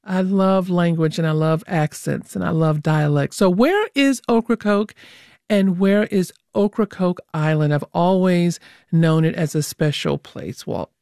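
A woman's voice: on the low side, lively intonation, a little slow, creaky, darkish tone, no room sound. A woman hosts a public radio interview show in the studio, friendly and teasing with her guests.

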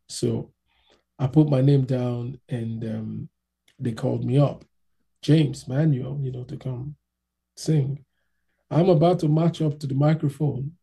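A man casually telling an animated anecdote in an interview, acting out the voices of the people in it. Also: fairly high pitch, measured pace, vocal fry, breathy edge. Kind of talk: casual storytelling.

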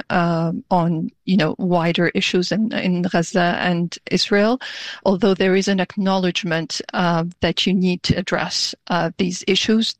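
A woman's voice: lowish voice, gravelly, no room sound. A woman speaking as a commentator on a radio news panel, hesitant with many fillers.

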